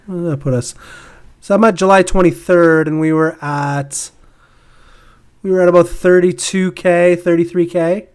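Male podcast co-host, a bit higher-pitched, loose and rambling, laughs easily. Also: fairly even intonation, normal speed, darkish tone, clear, resonant tone. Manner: rambling, laughs often, many fillers and restarts. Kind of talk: casual crypto market chat.

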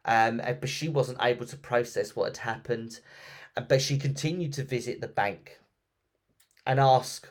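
A man's voice: mid-range voice, moderate pace. Chatty man telling ghost stories. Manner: chatty, lively retelling with many ums and restarts. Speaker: podcast host. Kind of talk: casual storytelling podcast.

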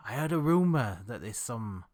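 A man's voice: mid-range voice, big pitch swings, normal speed, darkish tone, natural voice. A man putting on a folksy Yorkshire dog walker. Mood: friendly. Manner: friendly, folksy, calls people lad.

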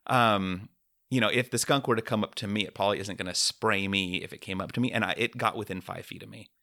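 A man chatting casually as a podcast co-host, relaxed and joking, laughing often. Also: fairly low pitch, fast, gravelly, no echo, studio quality. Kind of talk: casual chat.

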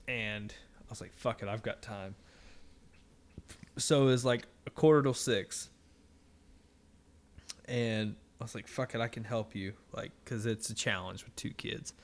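A man co-hosting a podcast, telling a story in casual, profane chat and mimicking people in it. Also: mid-range voice. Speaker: podcast co-host.

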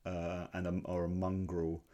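A man's voice: low voice, monotone, unhurried, mellow, lo-fi sound. A man in his forties, casually co-hosting a podcast and rambling through his points with many restarts. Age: 40s. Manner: rambling, full of restarts and fillers. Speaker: podcast co-host. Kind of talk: casual comic-strip discussion.

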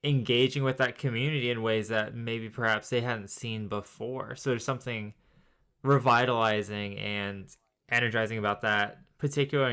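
A man co-hosts a podcast about faith and film, with a mid-range voice that sounds pushed, bright and smooth. In casual chat he reflects at length, thoughtful and rambling, with plenty of filler words.

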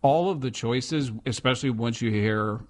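Man, podcast co-host, casual chat, animated, lots of restarts, medium pitch. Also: normal speed. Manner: chatty, animated, many restarts.

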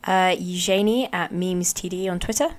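A woman's voice: fairly low pitch, fairly even intonation, normal speed. A woman guest on a political podcast, sarcastic and rambling with lots of fillers. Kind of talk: casual political chat.

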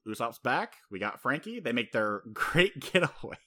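Young man, podcast co-host, casual recap chat, lively swooping pitch, animated, swears casually. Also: moderate pace. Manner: animated, acts out character lines in shifting voices, swears casually.

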